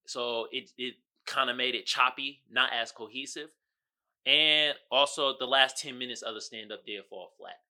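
A male podcast host giving casual, slangy commentary, animated and often asking "you feel me". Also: mid-range voice, moderate pace. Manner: animated, acts out quotes loudly.

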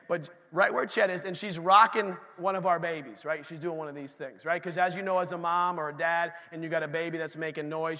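A man's voice: fairly high pitch, bright, forceful tone. A man preaching a sermon in a church, telling stories in a conversational way with asides to the congregation. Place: church sanctuary. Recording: long reverb of a church hall.

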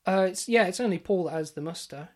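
Woman on a comedy podcast, deadpan and earnest, fairly low voice, lots of uhs. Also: quick pace. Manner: deadpan, earnest conspiracy-theorist act, hesitant fillers. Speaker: podcast co-host. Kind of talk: mock-serious comedy podcast chat.

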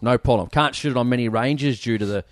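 A man's voice: medium pitch, fast, no echo, studio quality. A man, hosting a podcast and interviewing a guest in a blunt, emphatic way. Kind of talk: interview questioning.

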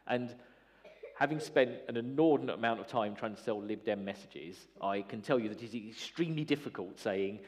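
A man in casual political chat, chatty and animated, with lots of fillers. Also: medium pitch, fast, few pauses. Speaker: political commentator, former party staffer.

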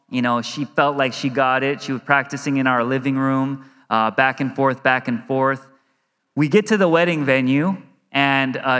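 A man in his thirties, a pastor giving an earnest, conversational sermon in a church, now and then acting out inner worries in quick asides. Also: medium pitch, fairly bright tone. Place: church sanctuary. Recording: reverberant hall.

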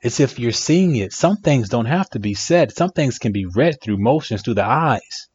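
A man's voice: mid-range voice, lively intonation, normal speed, a little mellow, slightly rough. A man giving relationship advice in a reflective monologue, emphatic and repeating phrases for effect. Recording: dry, dull lo-fi sound.

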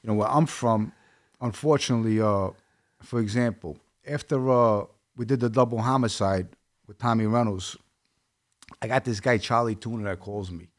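Speaking at an ordinary pace in a fairly low voice, a Brooklyn-accented guest from that borough recounts his tale. His manner is streetwise and direct, and he keeps repeating what people said in this relaxed interview.

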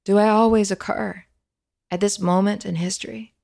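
A woman's voice: medium pitch, fairly even intonation, normal speed, vocal fry, darkish tone, dry recording, clean studio sound, voice pushed up, lightly acted. Woman voicing an earnest young seeker. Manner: earnest, respectful.

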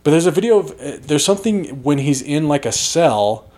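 A man's voice: on the high side, lively intonation, moderate pace, a little mellow. A man hosting a casual podcast, with playful, wordy banter. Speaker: podcast host.

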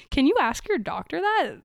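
A woman's voice: high voice, vocal fry, dry recording, studio quality. Chatty young woman retelling gossip. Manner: animated storytelling, quoting people with "he's like". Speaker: podcast co-host. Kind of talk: casual chat, retelling a gossip story.

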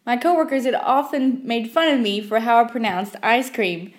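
With a slightly high voice and moderate pace, this young storyteller podcast host reads scripted narrations of her own life. She's from Southwest Virginia, has an Appalachian accent, and her tone is wry and self-deprecating.

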